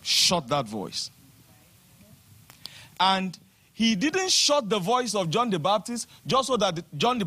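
A man's voice: high voice, bright, forceful tone. A man with a Nigerian accent preaching a fervent sermon and leading the congregation in spoken declarations. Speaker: pastor.

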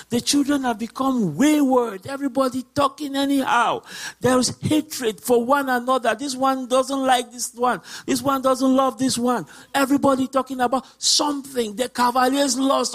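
A man, a deacon, preaching a sermon with emphatic, repetitive lines that build up to shouts. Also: very high voice.

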